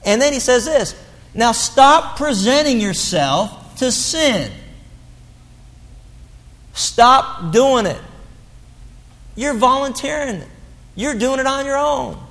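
Male pastor with a high voice, preaching bluntly and animatedly in a reverberant church hall. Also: lively intonation, takes it slowly, long pauses, a bit bright. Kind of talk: sermon.

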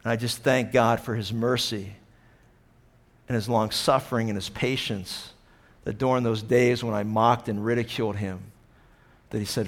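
A man preaching a sermon, impassioned, swinging between loud acted-out quotes and hushed, earnest passages. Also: medium pitch, fairly even intonation, normal speed, pauses often. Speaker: pastor.

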